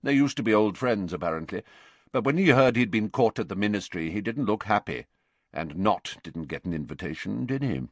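A man's voice: fairly low pitch, expressive, a little fast, breathy edge, dry recording. A man reading a cold, haughty teen boy. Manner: cool, indifferent, clipped.

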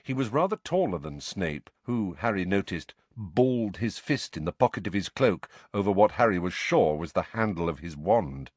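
A man's voice: sits low, sing-song, normal speed, hardly any pauses, husky, dry recording. A man narrating an audiobook expressively, voicing each character himself.

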